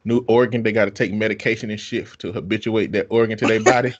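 A man talking casually, lecturing with blunt, profane advice. His voice sits on the low side. The recording is dull and lo-fi. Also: steady tone, fast talker. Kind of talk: casual chat. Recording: dull lo-fi sound.

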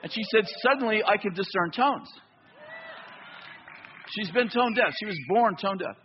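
A man preaching a sermon in a church, telling a story with lively back-and-forth dialogue. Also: sits high, moderate pace, highs cut off, a little hiss or hum. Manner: animated storytelling, acts out both sides of dialogue. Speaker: pastor.

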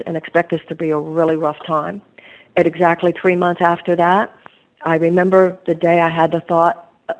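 A woman's voice: on the low side, lo-fi sound. A woman author being interviewed, telling her story in an earnest, reflective way. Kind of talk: conversational interview.

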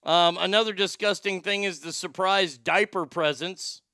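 Animated high-voiced comic man ranting. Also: normal speed, no room sound, studio quality. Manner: animated, swings between loud outbursts and muttered asides. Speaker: show host. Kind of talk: comedic podcast rant.

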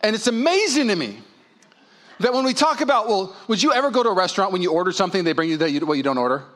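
A young man preaching a sermon as a pastor, animated and storytelling, acting out little scenes in character voices. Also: high voice, rapid-fire. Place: church auditorium.

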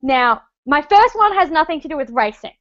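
A woman's voice: high-pitched, big pitch swings, a little fast, a bit bright, no echo, dull audio. An Australian woman co-hosting a podcast in casual chat, laughing often and acting out quotes in put-on voices. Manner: chatty, laughing, acts out quotes in mock voices. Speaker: podcast co-host.

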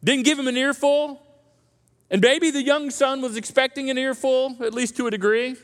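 A man delivers a sermon in a high-pitched voice. He keeps it conversational and animated, like he's telling a story. The sound carries a long reverb from a church hall. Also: moderate pace. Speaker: pastor. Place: church auditorium.

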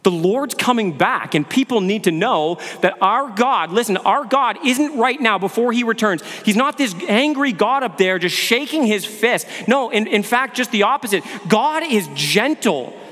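This pastor preaches earnestly in a church sanctuary, putting questions to his listeners and frequently repeating words. His voice sits high and is fairly bright, with lively intonation, a normal speed and few pauses. The recording carries a long hall reverb.

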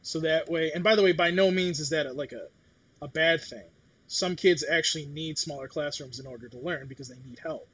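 A man's voice: a little high, brisk, a bit bright, slightly rough. A middle-aged man in casual chat, talking bluntly with swearing and acting out what others said. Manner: blunt, swears, acts out quotes.

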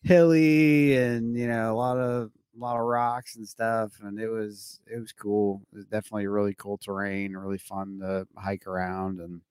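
An enthusiastic man from South Carolina, co-hosting a podcast in casual chat. His voice sits at a medium pitch, and he gets excited easily, throwing in "dude" and "man" as he talks. The sound is close and dry. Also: moderate pace, few pauses, smooth, dry recording. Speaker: podcast co-host.

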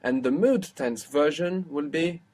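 A man's voice: on the high side, a little slow, a little mellow. A man teaching a language lesson, explaining step by step and prompting his student.

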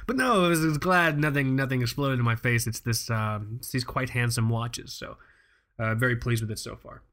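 A man's voice: mid-range voice, a little fast, a bit bright. A man co-hosting a podcast. He chats loosely, jokes, and swears freely while running through show business. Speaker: podcast co-host. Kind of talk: casual chat.

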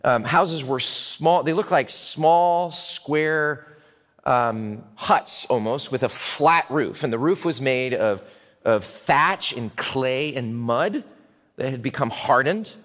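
A man preaching a storytelling sermon in a church. He is animated and dramatic and swings from hushed to loud. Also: medium pitch, slow pace. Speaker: pastor. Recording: long hall reverb.

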